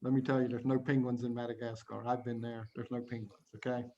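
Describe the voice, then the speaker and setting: Male teacher, classroom lesson for kids, playful and animated, medium pitch. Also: fast talker, dull audio, slight background noise. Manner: playful, animated, acts out examples in little voices; talks to young students, often hushes the class. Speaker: English teacher.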